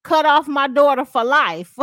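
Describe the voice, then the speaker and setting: A woman's voice: high voice, expressive, measured pace, fairly bright tone, no echo, clean studio sound. Bubbly gossip-show host woman. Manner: reacts with sighs and laughs, reads posts aloud with censored words. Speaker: podcast host. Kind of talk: casual gossip chat.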